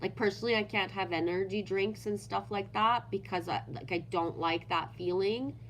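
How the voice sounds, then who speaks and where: A woman's voice: mid-range voice, moderate pace, fairly bright tone, a little hiss or hum. A woman hosting a casual livestream, reading viewer comments aloud and ranting animatedly with constant swearing. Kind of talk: casual unscripted livestream chat.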